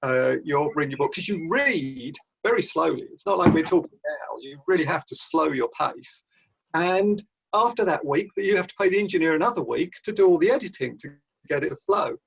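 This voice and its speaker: A man, an author and audiobook narrator, telling stories in a rambling, animated way with many restarts over a video call. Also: a little high, a little fast, creaky, slightly rough, lo-fi sound. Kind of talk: casual video-call conversation.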